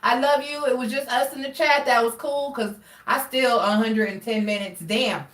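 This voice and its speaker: A woman's voice: a little high, moderate pace, fairly bright tone, roomy sound, distant mic. A woman reading tarot cards on a live stream, talking directly to her viewers and often checking in with "all right?". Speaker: tarot reader.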